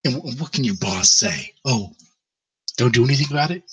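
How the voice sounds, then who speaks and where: A man's voice: mid-range voice, expressive, brisk, fairly bright tone, breathy edge, recorded from a distance, low-quality recording. A man hosting his own livestream, chatting casually in a loose, rambling way with plenty of swearing. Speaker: livestream host. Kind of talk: casual chat.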